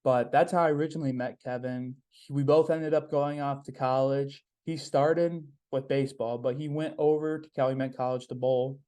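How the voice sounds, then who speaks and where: A man's voice: mid-range voice, fairly even intonation, normal speed, hardly any pauses, dark tone. A young man hosting a podcast, talking in a casual, upbeat, rambling way with plenty of "um"s and repeated phrases. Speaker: podcast host. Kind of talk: casual solo podcast monologue.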